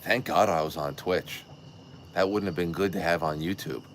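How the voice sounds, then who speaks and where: Low-voiced man telling an excitable, rambling story. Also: normal speed, a little hiss or hum. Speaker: show host. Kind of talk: casual livestream chat.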